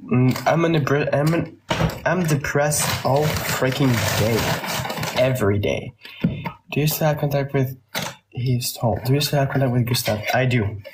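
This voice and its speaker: A man's voice: mid-range voice, normal speed. Young flemish guy on a phone live, rambling and cursing, answering chat questions, bit of hiss behind him. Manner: chatty, rambling, cursing, with frequent laughs. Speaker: livestreamer answering viewer questions. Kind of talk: casual livestream chat.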